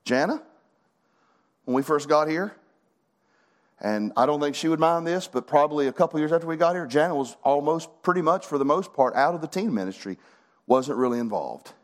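A man's voice: fairly high pitch, expressive, a little fast. A middle-aged man preaching a sermon as pastor, folksy and fervent, building to emphatic bursts.

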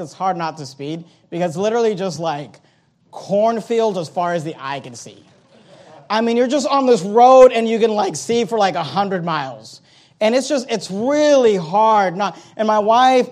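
A man with a high, light voice preaches by way of a personal story. He slips in and out of quoted voices as he tells it, animated and conversational. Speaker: pastor. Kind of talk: sermon storytelling.

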